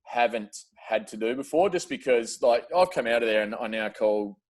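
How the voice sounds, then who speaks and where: A man's voice: mid-range voice, animated, moderate pace. An Australian man chatting casually as a podcast guest, laid-back and slangy, laughing often. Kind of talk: casual chat.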